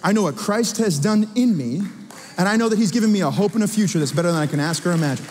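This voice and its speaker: A man delivering a church sermon, his voice pitched high for a man. He preaches in an animated, conversational way, teasing and questioning the congregation. The sound carries a long reverb from a large church hall. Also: fast, a faint crowd, a little hiss or hum. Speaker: pastor. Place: church sanctuary.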